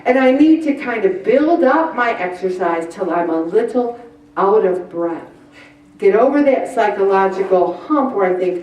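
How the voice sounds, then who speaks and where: A woman leading a weight-loss group presentation, chatty and animated, acting out little voices. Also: mid-range voice, moderate pace. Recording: roomy echo from far off the mic.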